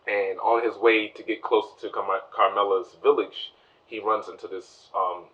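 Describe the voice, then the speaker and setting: A man's voice: fairly low pitch, little pitch movement, far from the mic, dull audio. A man giving a casual spoiler review of a TV show, rambling through the plot and acting out the characters' lines. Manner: rambling recap, acts out characters' lines in quick voices.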